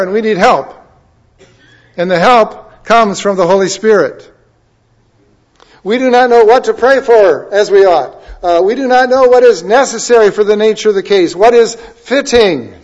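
High-voiced man preaching a sermon. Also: muffled recording. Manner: conversational, expressive preaching with wide swings in loudness. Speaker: pastor.

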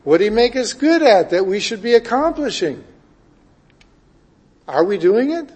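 A man preaching a sermon, reading scripture and explaining it with emphatic swings between loud declarations and hushed asides. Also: sits high, sing-song, moderate pace, slightly rough.

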